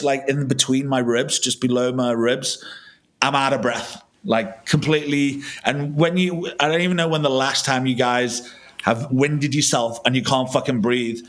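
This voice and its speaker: A man's voice: mid-range voice, fairly bright tone. A man, a filmmaker guest on a podcast, telling a long casual anecdote full of swearing and restarts.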